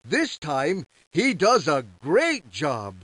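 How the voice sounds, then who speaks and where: A woman narrating a children's storybook, giving the characters animated voices. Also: sits low, takes it slowly, dry recording.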